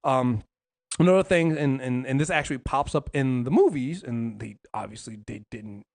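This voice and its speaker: A man's voice: mid-range voice, lively intonation, moderate pace, creaky, a little mellow. A man co-hosting a casual podcast, talking in long rambling runs with many restarts and some swearing. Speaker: podcast co-host. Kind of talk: casual comics podcast chat.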